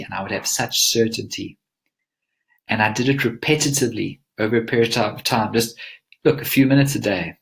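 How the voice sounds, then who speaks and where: A man's voice: medium pitch, steady tone, fairly quick, fairly bright tone. A man presenting a live webinar as a mindset coach, teaching in an earnest, emphatic coaching tone.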